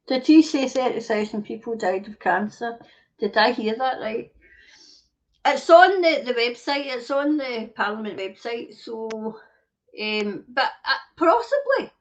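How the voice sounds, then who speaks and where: A woman's voice: on the high side, lively intonation, a little slow. Sweary Scottish woman ranting on a stream. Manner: angry, sweary, reads viewer comments aloud. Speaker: livestream host. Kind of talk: casual livestream rant. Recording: dull lo-fi stream audio.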